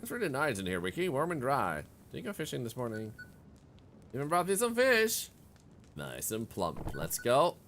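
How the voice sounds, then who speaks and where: A man's voice: medium pitch, sing-song, a little fast, few pauses, a bit bright, slight background noise. A man streaming a video game in casual commentary, chatting and reading the game's text aloud as he plays. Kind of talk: casual let's-play commentary.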